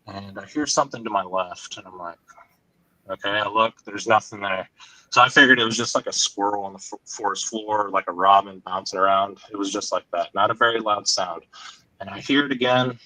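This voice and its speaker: A man telling a woodland encounter story on a podcast, halting and full of fillers, sometimes choked up and dropping quiet. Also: lowish voice, no echo, poor audio. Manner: halting, frequent "like" fillers, drops to quiet asides.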